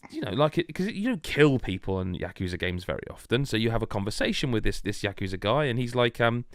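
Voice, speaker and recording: A British man hosting a casual podcast, retelling a game story with animated energy and laughing asides. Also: mid-range voice, fast, no echo, clean studio sound. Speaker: podcast host. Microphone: remote video call.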